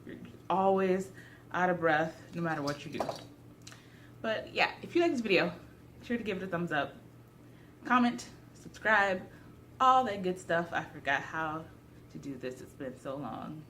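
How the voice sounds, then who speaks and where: A woman's voice: on the low side, lively intonation, normal speed, long pauses, fairly bright tone, a little hiss or hum. Chatty pregnant woman, a bit breathless. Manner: chatty, self-deprecating. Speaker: vlogger. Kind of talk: casual vlog to camera. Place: at home indoors.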